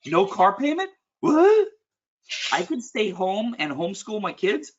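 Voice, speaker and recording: A man coaching a client one-on-one in a casual, blunt and animated way, often clearing his throat. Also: sits high, a little slow, dull audio. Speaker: business coach.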